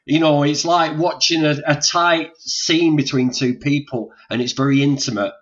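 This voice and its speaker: A man's voice: a little high, fairly even intonation, normal speed. A man hosting a casual live chat over a video call, rambling and encouraging. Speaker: host. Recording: dull lo-fi stream audio.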